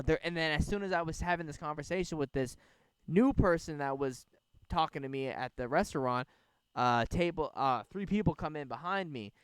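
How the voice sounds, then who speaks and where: A man's voice: on the high side, clean tone, no echo. A young man hosting a podcast, telling a rambling, profane story in casual chat outdoors. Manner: rambling, profane, animated retelling. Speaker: podcast host. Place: outdoors by a bonfire. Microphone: podcast microphone.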